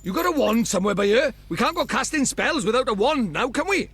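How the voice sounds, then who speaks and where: A man voicing a cheeky, teasing little male fairy companion with a put-on Welsh accent and a gravelly, sarcastic delivery. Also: extremely high pitch, animated, fairly quick, fairly bright tone, pitched above the performer's own voice, exaggerated voice. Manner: sarcastic and mocking.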